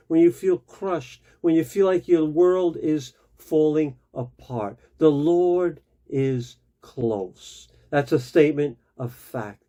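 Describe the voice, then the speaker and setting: A male pastor delivers a devotional sermon at an unhurried pace, leaning on repeated key phrases for emphasis. His voice sits a little high for a man yet sounds warm and mellow. The recording is slightly dull and lo-fi.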